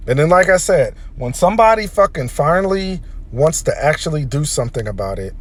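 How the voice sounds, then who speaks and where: A man's voice: fairly high pitch, big pitch swings, fairly quick. A man delivering a heated, profanity-laden opinion rant as a vlogger. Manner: heated, profane, emphatic ranting.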